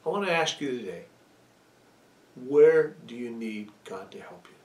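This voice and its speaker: A man's voice: mid-range voice, animated, a little slow, a little mellow, distant mic. Man preaching in an echoey room. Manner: storytelling, earnest, with restarts. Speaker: pastor. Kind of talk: sermon. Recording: echoey room, away from the mic.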